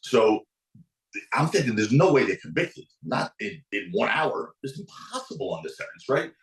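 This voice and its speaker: On this podcast, a guest attorney recounts a courtroom tale, voicing each person in it with dramatic pitch swings and lively energy. His pace is moderate, while the studio audio sounds roomy and poor.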